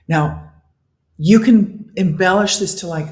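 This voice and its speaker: Being interviewed as a detox specialist, a man with a higher-pitched voice keeps a measured pace. The recording is echoey, and in this relaxed chat he stays animated, laughing often and acting out his inner dialogue.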